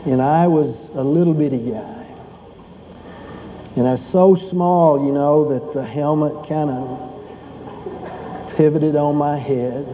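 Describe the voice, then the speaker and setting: Older pastor telling folksy stories. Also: male voice, a little high, steady tone, slow, long pauses, mellow, slight background noise, low-quality recording. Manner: folksy storytelling, rising to fervent exhortation. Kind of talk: sermon.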